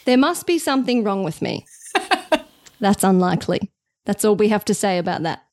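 A woman's voice: medium pitch, sing-song, darkish tone, no room sound, clean studio sound. A woman co-hosting a podcast, chatting casually and teasing her co-host with jokes and laughter. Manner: teasing, joking, quick to laugh. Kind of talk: casual chat.

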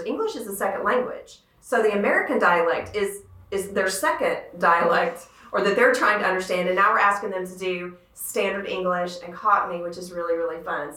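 A woman's voice: medium pitch, sharp tone, echoey room, rough recording. Enthusiastic woman theater director. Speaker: theater director and podcast host. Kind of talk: casual podcast interview.

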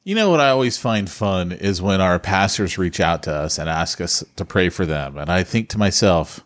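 Lively man trading teasing banter. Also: sits low, normal speed, hardly any pauses. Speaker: podcast co-host. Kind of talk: casual chat.

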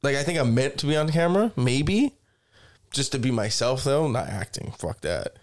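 A man in his thirties chatting casually on a podcast, telling animated stories and swearing constantly. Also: medium pitch, moderate pace. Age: 30s. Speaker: podcast co-host. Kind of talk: casual chat.

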